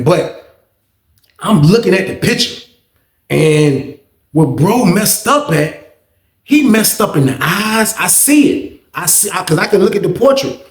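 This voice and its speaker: A man spins a yarn in loose, slang-heavy talk, jumping into the voices of the people he quotes. His voice sits a bit high for a man and rings in a roomy space. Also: darkish tone. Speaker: storyteller host. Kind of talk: casual storytime.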